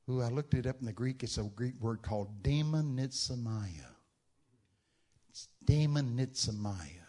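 A man preaching a sermon, telling Bible stories with dramatic shouted outbursts. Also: mid-range voice, normal speed. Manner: dramatic storytelling, bursts into loud shouted quotes.

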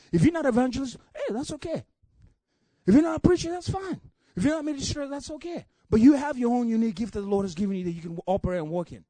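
Male preacher, from Africa, very high voice, impassioned, shouting refrains, dry close sound. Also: no room sound. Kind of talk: sermon.

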